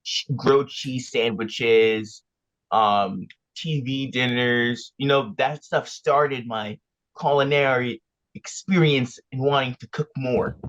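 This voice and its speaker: A man's voice: medium pitch, slow pace, a bit bright. A young man guest on a casual podcast, telling his story in a laid-back, joking way. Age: young adult. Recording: dry, dull lo-fi mic.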